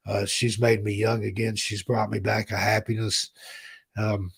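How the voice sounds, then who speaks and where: Gravelly low-voiced man in his fifties. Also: flat delivery, a little slow. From American South. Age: 50s. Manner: rambling, heartfelt, reads chat names aloud. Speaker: host. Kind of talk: casual live-stream chat.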